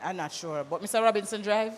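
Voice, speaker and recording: An MC with a Jamaican accent hosting a live event, calling out loud directions to a crowd and slipping into patois. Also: mid-range voice, fast talker. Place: large conference hall. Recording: hall reverb with music behind.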